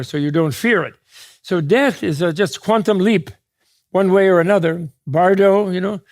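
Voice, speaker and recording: Gravelly man giving a joking dharma talk. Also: a little high. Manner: digressive, joking, quick asides with laughs; self-correcting, restarts mid-thought. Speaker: Buddhist teacher.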